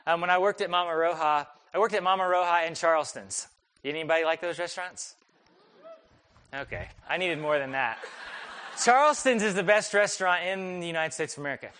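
A young man preaching a sermon, telling a personal story in a conversational, animated, self-deprecating way. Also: on the high side, brisk, a little hiss or hum. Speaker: pastor.

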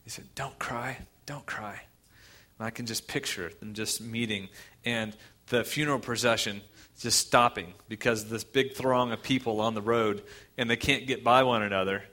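A man's voice: on the low side, steady tone, moderate pace, sharp tone. A man preaching a sermon, retelling a scripture story with emotion and asking the listeners rhetorical questions. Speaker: pastor.

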